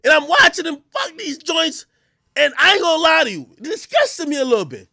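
Loud, lively, high-pitched male streamer. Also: brisk, creaky, dry recording, clean studio sound. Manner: loud, laughing, crude storytelling with sudden yelps. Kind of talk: casual livestream chat.

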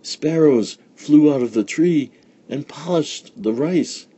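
A man reading a storybook aloud, voicing a meek, gentle young stepdaughter who speaks softly and politely. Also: fairly high pitch, takes it slowly, breathy edge, voice pushed up, heavily acted. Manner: soft, polite, pleading.

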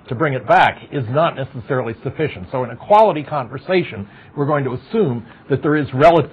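In a dull, lo-fi recording from a lecture hall, a middle-aged university psychology lecturer chats with his class, firing off questions and wry asides. His voice is husky and sits in the mid range.

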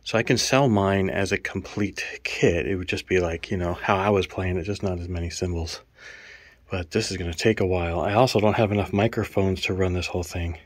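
A man with a low voice rambles through his gear in a casual show-and-tell, out of breath from hauling it around. The sound is dry and close, with no room echo. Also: steady tone, a little fast. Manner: rambling, counts items aloud. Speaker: drummer vlogger.

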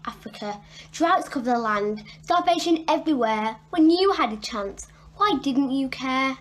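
A young woman, a student, introducing and reading her own poem with dramatic pauses. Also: sits high, expressive, a bit bright. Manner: dramatic, with pauses after each place name. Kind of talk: poetry reading.

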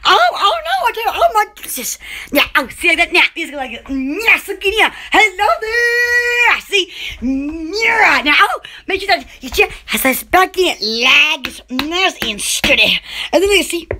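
High, bright, slow-talking giggly woman. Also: sing-song. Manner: giggly, rambling, chatty. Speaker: channel host. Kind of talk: casual livestream chat.

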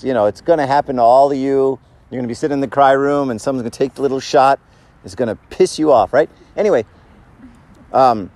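A man's voice: mid-range voice, a little mellow. Man giving a chatty, joking sermon. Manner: conversational, joking, questions the audience. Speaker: church speaker. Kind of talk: casual sermon talk.

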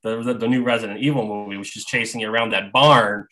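A man speaks as a guest on a casual podcast. His tone is bright and forward, and he laughs often while he talks. He stays relaxed throughout. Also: lowish voice, fast talker, low-quality recording.

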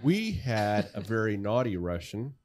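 A man's voice: fairly low pitch, very animated, measured pace, a little mellow, slight background noise. A middle-aged man hosting a podcast in a studio, talking casually with frequent chuckles. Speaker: podcast host, physician.

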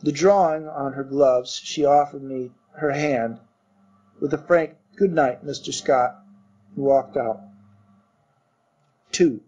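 A man narrating a literary story in a measured reading voice. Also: mid-range voice, mellow. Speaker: audiobook narrator. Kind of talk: scripted narration. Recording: dull muffled recording.

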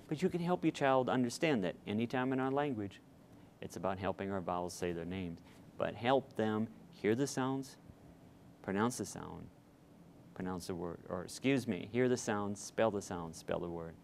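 A man's voice: lowish voice, darkish tone, a little hiss or hum. A middle-aged man, a reading tutor, explaining step by step to parents in a patient instructional talk with some fillers.

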